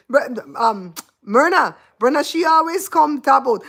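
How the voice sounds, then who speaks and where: A woman from Belize with a Belizean accent chats casually on her livestream, teasing viewers and breaking into laughter often. Her voice sits a little higher than most women's. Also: animated, moderate pace, a bit bright. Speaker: host.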